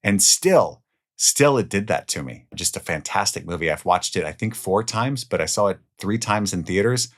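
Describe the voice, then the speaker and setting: Low-voiced man reviewing films. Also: expressive, normal speed. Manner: enthusiastic, swears casually, jumps between loud highs and quiet lows. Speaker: film reviewer. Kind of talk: casual spoken movie countdown.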